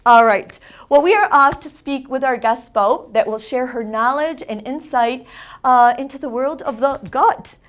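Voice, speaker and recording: A woman's voice: high voice, moderate pace. A woman hosting a community TV show, giving an upbeat Spanish lesson and drilling phrases with emphatic repetition. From Italian heritage. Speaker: show host and Spanish teacher.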